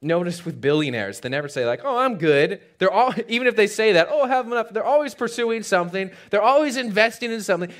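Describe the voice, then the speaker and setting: A pastor with a high-sitting voice preaches a sermon in church. He tells a story that swings dramatically between loud and hushed, tossing joking asides to the congregation.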